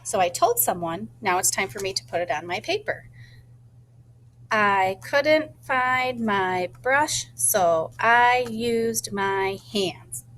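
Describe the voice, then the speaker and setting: A woman teacher thinking aloud in a gentle voice and slowly sounding out words as she models a writing lesson for young children. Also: mid-range voice, expressive, a little hiss or hum. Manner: slow, deliberate sounding-out of words.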